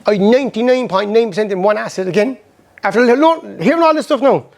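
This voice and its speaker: A middle-aged Irish man giving a motivational seminar talk, telling personal stories in an animated way and acting out old conversations. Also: high voice, vocal fry. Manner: rapid, animated storytelling that acts out past conversations.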